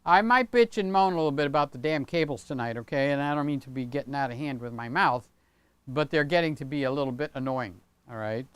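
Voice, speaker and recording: A man's voice: mid-range voice, fast, a bit bright, clear, resonant tone, dry recording. An older man hosting a casual livestream from his home studio, rambling and chatty, often tagging on "okay?". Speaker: channel host. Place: home studio room with set pieces.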